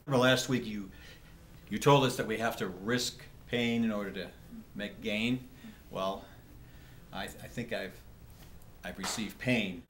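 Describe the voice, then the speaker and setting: A man's voice: fairly low pitch, measured pace, long pauses, fairly bright tone, echoey room, slight background noise. A man in a comedy sketch therapy group, hesitant and stammering as he tells a self-pitying story.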